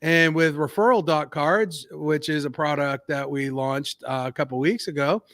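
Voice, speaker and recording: A man's voice: on the high side, moderate pace, fairly bright tone, dry recording, studio quality. Emphatic American man on a podcast. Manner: earnest, preachy, emphatic. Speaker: podcast co-host. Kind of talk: casual podcast talk.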